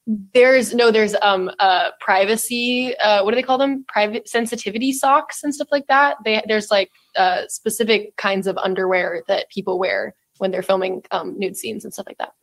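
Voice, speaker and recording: A woman's voice: mid-range voice, fairly even intonation, moderate pace. Female co-host, matter-of-fact, recommends and explains. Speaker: podcast co-host. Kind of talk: casual chat.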